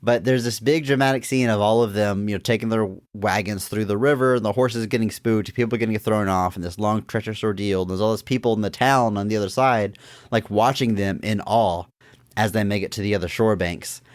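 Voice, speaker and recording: A man's voice: fairly low pitch, brisk, no echo. A man co-hosting a podcast, casually and animatedly retelling scenes from a comedy film and acting out the lines. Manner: animated retelling of scenes, acts out quotes with laughs. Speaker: podcast co-host. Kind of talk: casual movie-review chat.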